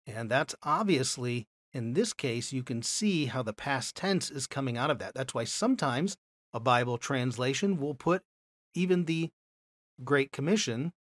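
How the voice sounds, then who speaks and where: A man's voice: fairly high pitch, dry recording. Man teaching a dry Bible lesson. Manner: explanatory, checks in with "okay?". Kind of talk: classroom lecture.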